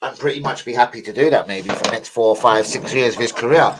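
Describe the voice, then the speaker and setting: A young man, hosting a football fan channel and ranting in casual, heavily sworn, animated commentary. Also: mid-range voice, fast, background noise. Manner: sweary, animated, keeps saying "bruv" and "do you know what I mean".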